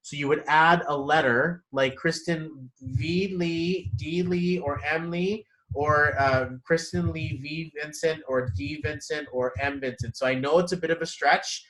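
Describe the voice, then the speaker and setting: A man giving a casual one-on-one numerology reading, animated and quick to laugh. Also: fairly high pitch, low-quality recording. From Canada. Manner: animated, laughs often, acts out inner voices. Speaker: numerology consultant.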